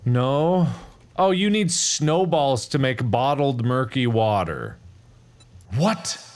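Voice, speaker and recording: A man's voice: expressive, slow pace, a little mellow, clear, resonant tone. A man hosting a co-op gaming session, tossing out dry joking asides in casual chat. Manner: dry joking asides, wildly swinging pitch. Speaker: gaming channel host.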